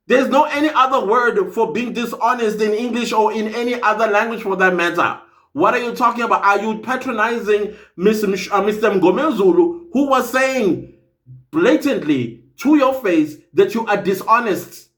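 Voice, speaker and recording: A man with a South African accent delivers casual, opinionated commentary, emphatic and openly incredulous. His voice sits high and swings widely in pitch. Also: expressive, moderate pace, fairly bright tone.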